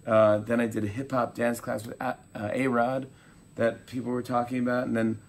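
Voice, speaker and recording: A man in his forties, a talk show host being interviewed, telling animated stories and acting out quotes. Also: medium pitch, moderate pace. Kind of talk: casual interview chat.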